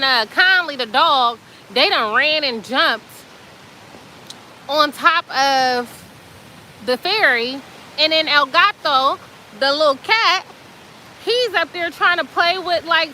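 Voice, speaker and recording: Brief: woman host, high-pitched and colloquial, animated storytelling with fillers. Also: a little hiss or hum, poor audio. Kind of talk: casual chatty storytelling.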